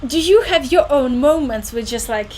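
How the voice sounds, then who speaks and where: Ukrainian-native woman host, a bit high voice, lots of uh and um, faint hum. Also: expressive, normal speed, darkish tone, rough recording. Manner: hesitant, searching for words, frequent fillers. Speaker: podcast host, interviewer. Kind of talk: casual interview.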